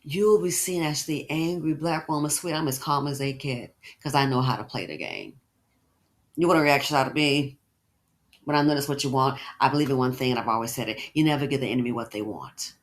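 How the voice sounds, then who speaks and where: A woman hosting a reaction commentary, expressive and repeating words as she reacts. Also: extremely low pitch, fairly quick. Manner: expressive, swoops into mock voices, repeats words. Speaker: commentary channel host.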